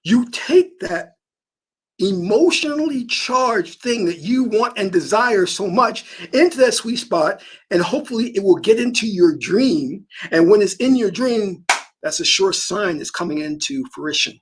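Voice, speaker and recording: A man's voice: high-pitched, animated, a little slow, breathy edge. A man giving a motivational spiritual talk about manifesting through dreams, emphatic and given to storytelling.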